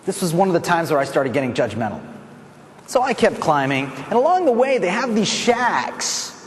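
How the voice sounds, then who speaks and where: Animated man speaking in an echoing hall. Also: sits high, normal speed. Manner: animated, acts out voices and builds to shouting. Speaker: motivational speaker. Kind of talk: motivational speech storytelling.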